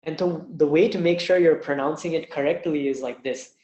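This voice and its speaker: A man teaching an online language lesson, patiently demonstrating each sound slowly. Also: on the high side, a little mellow, reverberant, low-quality recording. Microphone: webinar mic.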